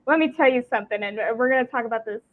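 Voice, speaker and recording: A woman on a video call, chatting casually as a panelist and gushing with excitement. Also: on the high side, rapid-fire. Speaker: co-host panelist. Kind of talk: casual chat. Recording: tinny phone-like call audio.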